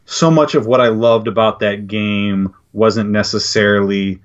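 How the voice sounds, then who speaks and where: Low-voiced earnest male podcast guest. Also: fairly even intonation, measured pace. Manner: earnest, reflective, hesitant restarts. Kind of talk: casual chat. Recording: dull lo-fi audio.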